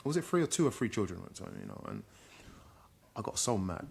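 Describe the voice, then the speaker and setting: A man's voice: lowish voice, huge pitch swings, fast talker, gravelly, breathy edge. A middle-aged man, a guest, candidly telling a personal story in a reflective way. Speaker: guest, social worker.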